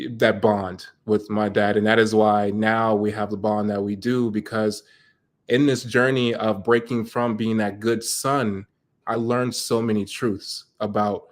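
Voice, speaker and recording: A man with a lowish, fairly level voice talks earnestly in a conversation. He speaks heartfelt and open, as a guest on a discussion show. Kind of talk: personal conversation.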